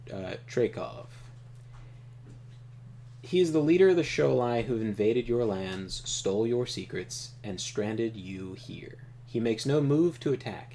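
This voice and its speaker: A man hosts a let's play, reading the game's text aloud, making casual asides with the occasional chuckle, and tripping over names. His voice is on the low side and slightly mellow, with a bit of hiss or hum in the recording.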